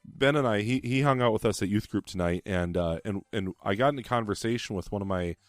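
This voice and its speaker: A man's voice: fairly low pitch, quick pace, no room sound. A man co-hosting a casual podcast, laid-back with dry short remarks. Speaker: podcast co-host, youth leader. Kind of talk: casual chat.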